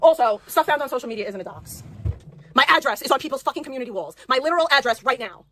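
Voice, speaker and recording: A woman's voice: high-pitched, expressive, fast talker, sharp tone. A woman livestreaming an angry rant, profane and repeating herself.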